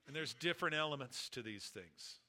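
A man's voice: mid-range voice, animated, brisk, pushed and bright. A middle-aged man preaching an expository sermon, reading scripture aloud and acting out the speakers' words.

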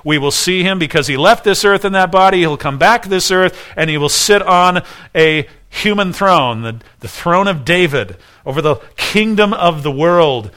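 Um homem pregando um sermão com fervor, fazendo perguntas retóricas à congregação. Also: male voice, fairly high pitch, pushed and bright. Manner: earnest preaching with rhetorical questions. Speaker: pastor. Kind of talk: sermon.

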